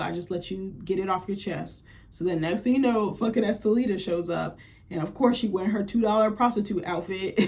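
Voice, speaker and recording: A woman's voice: medium pitch, a little mellow. Blunt, gossipy young woman recapping. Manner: blunt, profane, gossipy retelling with quoted asides. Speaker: reality TV recap vlogger. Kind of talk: casual recap monologue.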